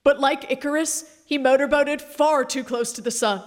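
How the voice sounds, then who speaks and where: A woman's voice: high-pitched, fairly even intonation, normal speed, close to an everyday voice. A woman playing a crass male radio shock-jock who gives a mock-solemn, overdramatic eulogy in a radio sketch.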